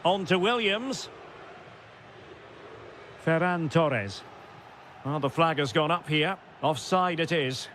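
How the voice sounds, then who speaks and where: Bright, high-voiced man calling football. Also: slow, pauses often, slight background noise. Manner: excitable, bursts into shouts at goals and saves; short clipped calls of player names. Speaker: football commentator. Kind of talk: video game play-by-play commentary.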